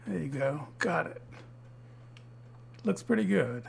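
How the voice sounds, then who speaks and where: Gravelly American man, dry deadpan humor. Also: sits high. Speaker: lapidary and jewelry maker. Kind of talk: joking workshop narration.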